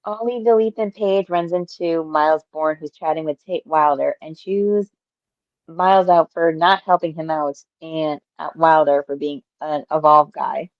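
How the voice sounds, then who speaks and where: A woman with a fairly low voice chats on a wrestling review show, recapping events in a dry, teasing way. Her voice comes through a dull, lo-fi recording with little room sound. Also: fairly even intonation, a little slow, no echo. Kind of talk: casual review chat.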